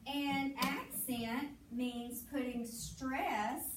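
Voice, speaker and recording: Teacher lady drilling phonics rules with a class, high voice, echoey classroom mic'd from far off, noisy. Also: steady tone, drawn-out words. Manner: patient, prompting students to finish her sentences. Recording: echoey classroom recorded from afar, with noise.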